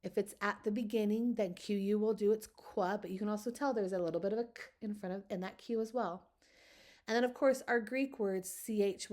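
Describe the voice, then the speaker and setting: An upbeat woman talks through a recorded phonics lecture. Her pitch sits in a medium range, and she keeps the delivery chatty. When she stumbles over a word, she laughs it off. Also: a little mellow. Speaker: teacher trainer.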